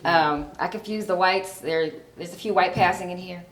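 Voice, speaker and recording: A woman's voice: fairly low pitch, normal speed. A woman in her forties from Chicago doing stand-up, chatty and self-mocking with many ums. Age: 40s. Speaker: stand-up comedian. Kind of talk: stand-up comedy. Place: comedy club on stage. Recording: echoey club room.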